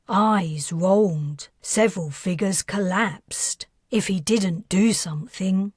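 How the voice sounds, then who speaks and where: A woman reading her own science fiction novel aloud in steady, measured scripted narration, close to the mic. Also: mid-range voice, no echo.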